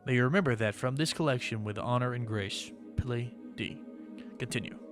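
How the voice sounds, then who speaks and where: A man playing a game demo who reads its narration aloud and breaks off into quick, dramatic reactions. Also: medium pitch, faint music behind. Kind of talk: let's-play commentary, reading game text aloud.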